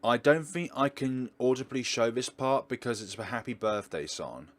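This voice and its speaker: A man's voice: medium pitch, animated, normal speed. A man hosting a let's play, giving chatty, rambling gameplay commentary with jokes.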